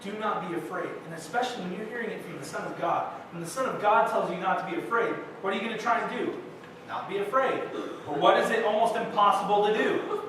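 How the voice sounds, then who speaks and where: A man's voice: high-pitched, quick pace. A young man preaching a sermon as pastor, telling casual, self-deprecating stories to his congregation in a church. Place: church sanctuary. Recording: echoey church hall from far off with faint noise.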